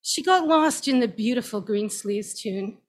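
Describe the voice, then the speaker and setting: A woman reading a story aloud in slow, measured narration. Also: a little high, animated.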